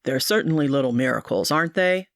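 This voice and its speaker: A woman voicing a soft-spoken, tearful young man. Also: very deep voice, animated, fast talker, no echo, clean studio sound, pitched below the performer's own voice. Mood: tender. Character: gentle emotional young man, suitor.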